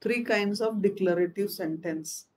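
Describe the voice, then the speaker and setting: Woman, English teacher, slow and methodical, mid pitch, repeats terms and reads examples aloud. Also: a little mellow, slightly rough. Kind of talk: classroom grammar lesson.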